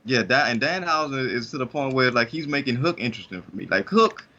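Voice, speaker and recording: Podcast co-host, man, sharp bright tone on a dull lo-fi mic, jokey and loose. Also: medium pitch, animated, fairly quick. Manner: joking and loose, laughs between remarks. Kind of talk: casual chat.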